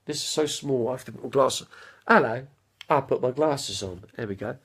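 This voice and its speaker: Gravelly man rambling at home. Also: medium pitch, a little fast, a bit bright. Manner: rambling, anecdotal, trails off to recall names. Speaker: live-stream host. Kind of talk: casual chat.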